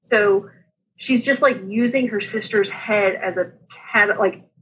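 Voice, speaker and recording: A woman in her thirties telling her birth story as an interview guest, lively and laughing, acting out the voices of the people in it. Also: medium pitch, measured pace, breathy edge, rough recording.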